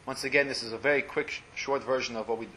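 A man's voice: medium pitch, steady tone, fast talker, slight background noise. A man teaching a religious class to a small group, translating blessings phrase by phrase and often letting his voice drop to a murmur. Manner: explanatory, translating Hebrew phrases line by line, often trails off quietly.

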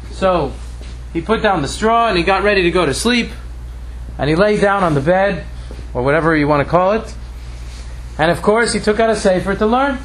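A man with a fairly high voice tells a traditional Jewish story and draws a lesson from it. He acts out the characters' lines with lively shifts in his voice. A faint hiss sits under the recording. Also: moderate pace, low-quality recording.

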